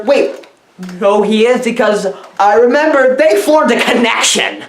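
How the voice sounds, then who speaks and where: Rambling high-voiced woman reviewer, echoey. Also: expressive, unhurried, a little hiss or hum. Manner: rambling, repeats "what? what?" and "y'all". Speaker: parody movie reviewer. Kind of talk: comedic rambling movie review.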